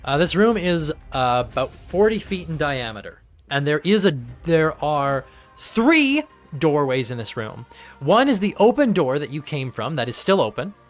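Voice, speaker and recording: A game master running a tabletop game over a voice call, describing rooms slowly and deliberately. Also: mid-range voice, very animated, faint music behind. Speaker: dungeon master.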